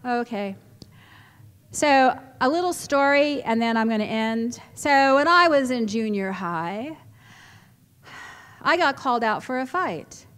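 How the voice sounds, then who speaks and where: A middle-aged woman, giving an animated storytelling talk to a live audience in a large hall. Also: a little high, slow, long pauses, clear, resonant tone. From California, USA. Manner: animated, chatty, laughs often, with restarts. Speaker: symposium speaker. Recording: echoey hall reverb.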